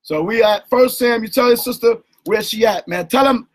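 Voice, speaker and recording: A man hosting an informal call-in bible study. He talks in an animated, slangy way and keeps asking "right?". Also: sits high, brisk, rough recording. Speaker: bible teacher and host.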